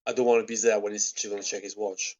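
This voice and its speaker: Lowish-voiced male player, hesitant, muffled lo-fi mic. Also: flat delivery, fast, a little mellow. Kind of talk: casual tabletop play.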